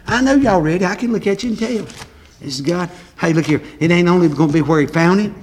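A man preaching a sermon with call-and-response that builds into shouting. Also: high-pitched, quick pace, a little hiss or hum.

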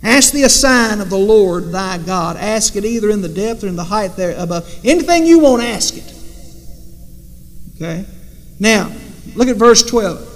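Guy preaching hard, high voice, lots of questions, church reverb. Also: expressive, moderate pace. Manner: emphatic, repetitive preaching with rhetorical questions. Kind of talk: sermon. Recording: long reverb in a hall.

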